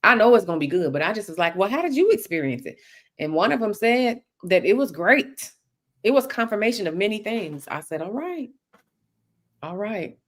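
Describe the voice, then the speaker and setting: A woman's voice: medium pitch, moderate pace. A woman with an Oklahoma accent chatting playfully on a video call, full of exclamations. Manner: expressive, playful, Southern slang. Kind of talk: casual chat.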